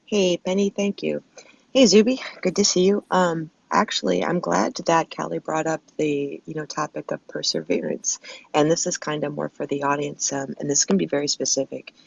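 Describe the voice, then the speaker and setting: Very gravelly, husky voice on lo-fi audio. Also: mid-range voice, fairly even intonation, moderate pace, dry recording. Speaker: audience caller. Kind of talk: casual conversation. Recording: muffled lo-fi audio.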